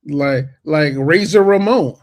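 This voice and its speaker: A man's voice: fairly high pitch, slow, a little mellow. A man co-hosting a wrestling podcast, talking casually in rambling runs with repeated restarts. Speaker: podcast co-host. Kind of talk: casual wrestling debate chat.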